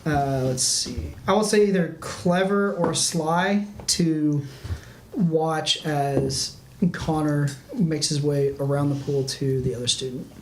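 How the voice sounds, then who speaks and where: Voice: mid-range voice, takes it slowly. A game master narrating a tabletop game, rambling loosely with many restarts and "like". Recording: echoey room, faint background noise.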